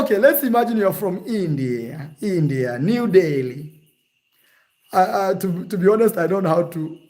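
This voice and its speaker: A man talking casually and teasingly in a vlog, animated and jokey. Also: fairly high pitch. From Kenya. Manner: animated, teasing, shifts to mock accents. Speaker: vlogger.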